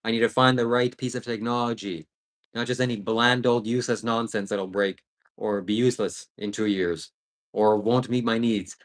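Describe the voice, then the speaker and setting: A man's voice: fairly low pitch, steady tone, normal speed. A man co-hosting a casual livestream who answers in a defensive, exasperated way. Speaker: co-host.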